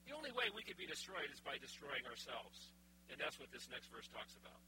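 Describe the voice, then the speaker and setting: A male preacher retelling a Bible story in a sermon, casual and animated, with frank asides. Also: mid-range voice, fairly quick. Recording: humming background noise.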